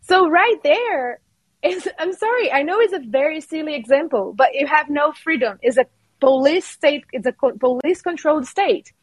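A woman with a Brazilian accent talks as a podcast guest in a slightly high voice, recorded dry and close. She speaks with passion and emphasis, often starting her phrases again. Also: lively intonation, moderate pace, no echo. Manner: passionate and emphatic, with many restarts. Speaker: guest, artist and actor. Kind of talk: casual podcast interview.

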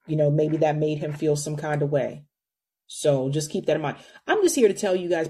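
A woman hosting a live call-in podcast, chatting casually and addressing her listeners directly. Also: sits low. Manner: animated, talks directly to listeners. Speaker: podcast host taking calls.

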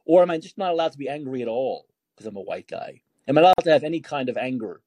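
A man's voice: mid-range voice, animated, fast talker, a little mellow, dry recording. A man hosting a call-in podcast, ranting with indignation and firing off rhetorical questions, often repeating words as he heats up. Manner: repeats words when heated. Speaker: podcast host taking calls.

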